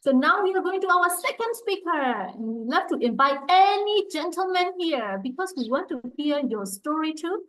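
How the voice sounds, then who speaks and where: A woman hosting a speaking club, introducing speakers in a cheerful, halting way. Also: sits high, expressive, fairly bright tone, low-quality recording. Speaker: meeting host.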